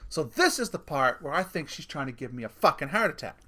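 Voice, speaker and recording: A man's voice: a little high, big pitch swings, a little fast, sharp tone. A middle-aged man telling family stories in a casual rant, swearing freely and laughing at his own punchlines. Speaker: vlogger.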